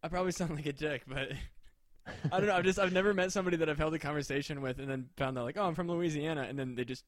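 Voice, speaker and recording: A man's voice: a little high, rapid-fire, no room sound. Rambling, hesitant podcast man. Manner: rambling, hesitant, lots of fillers and swearing. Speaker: podcast co-host. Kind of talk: casual comedy chat.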